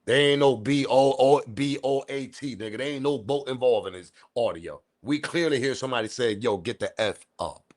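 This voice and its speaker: A man hosting a commentary channel, talking in a casual, slangy, animated way and repeating his points. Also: medium pitch, normal speed, hardly any pauses. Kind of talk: casual commentary on audio clip.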